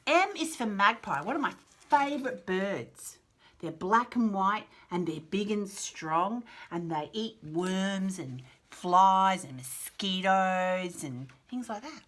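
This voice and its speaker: A woman's voice: mid-range voice, animated, slow pace, a bit bright. A woman reading a picture book aloud to small children, playfully copying animal and train sounds and asking the child questions. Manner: asks the child questions directly.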